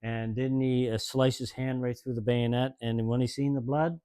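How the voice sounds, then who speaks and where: A man's voice: medium pitch, steady tone, moderate pace, mellow, smooth. A man in his sixties casually telling old stories in a folksy, rambling way, chuckling often. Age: 60s. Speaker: host telling service stories. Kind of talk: casual storytelling.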